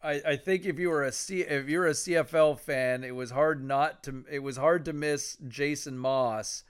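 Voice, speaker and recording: Smooth-voiced man co-hosting sports talk. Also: on the high side, moderate pace. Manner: laughing, conversational, sets up topics. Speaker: podcast co-host. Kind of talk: casual sports chat.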